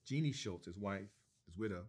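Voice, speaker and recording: A man being interviewed as a guest co-writer, telling an anecdote in an animated, excited way, with restarts and laughs. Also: fairly low pitch, moderate pace, husky.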